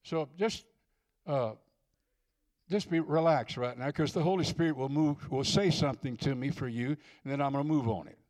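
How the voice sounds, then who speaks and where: A man's voice: mid-range voice, normal speed, darkish tone. An older man preaching a sermon in church, folksy and earnest, repeating phrases for emphasis as he ministers to people. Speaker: visiting preacher.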